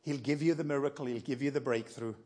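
Husky man preaching a sermon. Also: mid-range voice, steady tone, fast talker, a little mellow. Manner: conversational, encouraging, storytelling. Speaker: guest preacher. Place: church.

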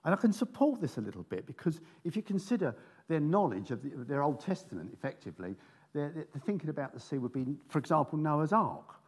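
A man's voice: fairly high pitch, big pitch swings, brisk, breathy edge. A man preaching, reading scripture aloud with jokey asides between the verses. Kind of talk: sermon with Bible reading.

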